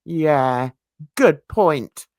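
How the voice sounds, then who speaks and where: A woman's voice: deep voice, animated, drawn-out words, a little mellow, no echo, studio quality. A woman hosting a true crime channel, reading viewer comments aloud in a casual, self-mocking way, stumbling over words and laughing at herself.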